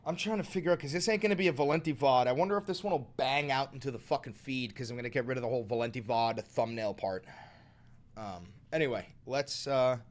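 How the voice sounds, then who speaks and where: A man hosting a casual livestream, joking with chat, swearing freely, swinging between loud and quiet talk at a home microphone. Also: mid-range voice, fast. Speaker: livestream host. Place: home room. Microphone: studio microphone.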